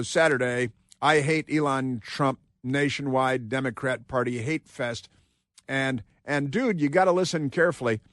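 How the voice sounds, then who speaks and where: A man's voice: mid-range voice, no room sound, studio quality. Combative male talk radio host. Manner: combative, sarcastic, rambling with restarts. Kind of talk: political talk radio monologue.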